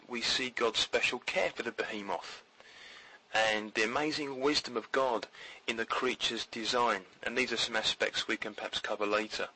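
A man who is a podcast guest, giving earnest, steady Bible commentary. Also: mid-range voice, slightly rough, low-quality recording.

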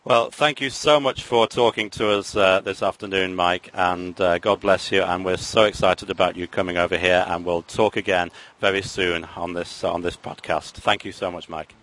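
A man's voice: deep voice, steady tone, moderate pace, hardly any pauses, fairly bright tone, low-quality recording. Hesitant English man hosting a podcast. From England. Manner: hesitant, many fillers and restarts. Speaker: podcast host. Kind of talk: casual interview chat.

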